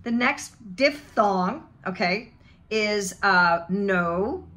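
A woman from the western United States with a General American accent, teaching a pronunciation lesson and drilling sounds slowly and deliberately. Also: medium pitch, bright, forceful tone. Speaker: accent coach.

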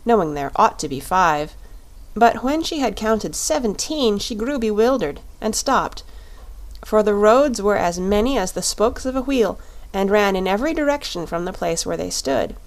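A woman narrating a classic children's story at a steady pace. Her voice is mid-pitched and clear, suited to a calm audiobook reading. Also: normal speed.

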